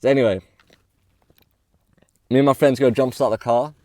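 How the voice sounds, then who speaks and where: A man's voice: mid-range voice, fairly even intonation, normal speed, a little mellow, no room sound. A young man telling a casual storytime, slangy and swearing often, acting out the other people's lines as he goes. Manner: slangy, swears often, acts out quoted dialogue. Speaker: vlogger.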